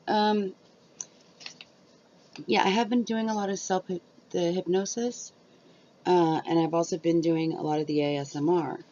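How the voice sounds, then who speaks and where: A woman's voice: on the low side, steady tone, measured pace, pauses often. A middle-aged woman chatting casually to her viewers from home, rambling with lots of fillers, recorded on a cheap mic. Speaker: YouTuber. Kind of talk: casual chat to camera. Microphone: cheap built-in camera mic. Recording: dull lo-fi sound.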